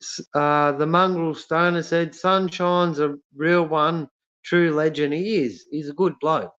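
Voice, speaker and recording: A man with an Australian accent chats casually on a live stream, reading out viewers' comments. His voice sits slightly high and he speaks haltingly, stopping often to restart. The sound is muffled and lo-fi. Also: steady tone, a bit bright, clear, resonant tone. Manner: halting, many fillers and restarts. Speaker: livestream host reading chat. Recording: lo-fi dull sound.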